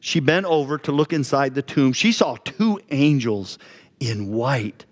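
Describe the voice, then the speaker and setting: A man's voice: mid-range voice, lively intonation, unhurried. Man preaching in a reverberant church. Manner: conversational preaching, asks the congregation questions. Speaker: pastor. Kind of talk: sermon. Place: church sanctuary.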